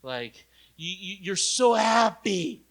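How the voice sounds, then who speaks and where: A young adult male pastor preaching a lively retreat sermon, talking to his listeners directly, asking them questions and acting out the quoted voices with big jumps in loudness. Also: sits high, slow pace. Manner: conversational, asks the audience direct questions.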